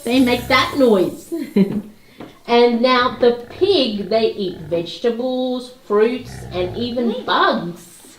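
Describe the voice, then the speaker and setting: Slow, gentle woman teaching kids. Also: on the high side, slight background noise. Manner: gentle, coaxing, imitates animal sounds. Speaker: parent presenting toy animals to children. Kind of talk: slow explanatory narration for kids. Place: home room. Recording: echoey room with music behind.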